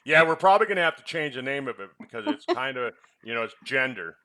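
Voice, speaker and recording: A man's voice: mid-range voice, big pitch swings, fast, bright, forceful tone. A man who presents health products and once ran a clinic, chatting in a rambling way and teasing his co-host with quiz questions. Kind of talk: casual chat about supplements.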